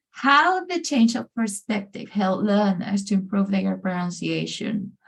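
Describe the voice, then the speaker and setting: Slow-speaking woman coach. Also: mid-range voice, vocal fry. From Peru. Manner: upbeat, encouraging, often says amazing and brilliant. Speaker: pronunciation coach presenting a workshop. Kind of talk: online presentation. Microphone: video call.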